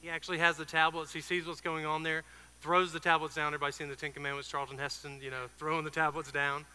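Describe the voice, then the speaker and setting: Man preaching, casual sermon storytelling, very bright clear voice, a bit high. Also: flat delivery, in a large hall. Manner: conversational, with fillers and quick asides. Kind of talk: informal sermon retelling a Bible story.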